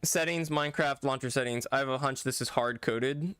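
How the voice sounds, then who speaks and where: Male streamer, mid pitch, rambly and self-correcting, chatting with viewers over a dry, close mic. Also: brisk, fairly bright tone, clean tone, no echo. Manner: rambling, self-correcting, talks back to chat. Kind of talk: casual live-stream chat while gaming.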